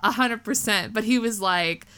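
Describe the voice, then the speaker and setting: A woman co-hosting a casual chat, animated and acting out lines from scenes she retells. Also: mid-range voice, normal speed, clean tone. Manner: animated, acts out quotes from scenes.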